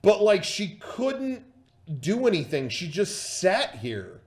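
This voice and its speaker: A man's voice: sits high, big pitch swings, takes it slowly, darkish tone. A man casually telling a story on a livestream, swearing freely and full of fillers and restarts. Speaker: streamer and storyteller.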